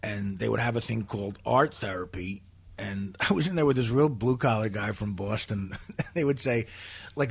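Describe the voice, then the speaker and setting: A man telling comic, profane stories as a podcast guest, laughing often as he goes. His voice is gravelly and husky, with plenty of vocal fry. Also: fairly low pitch, expressive, moderate pace. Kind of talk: comic storytelling in a podcast interview.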